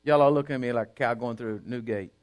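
A middle-aged man, preaching a sermon with emphatic repetition that climbs into shouting. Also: mid-range voice, quick pace.

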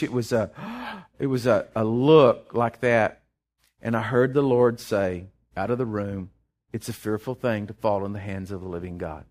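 A man preaching a sermon, impassioned, rising loud then dropping soft, often restarting his words. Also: lowish voice, normal speed.

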